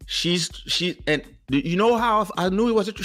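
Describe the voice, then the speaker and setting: A man telling a story in a casual talk-show chat, animated and acting out the people he quotes. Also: high-pitched, a little fast, faint music behind. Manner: animated, acts out quotes, laughs as he tells.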